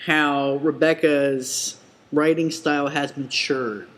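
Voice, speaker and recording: A woman co-hosting a podcast, chatting casually about books in a laid-back, joking way, with quick short replies. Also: low voice, fairly even intonation. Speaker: podcast co-host. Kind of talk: casual book chat.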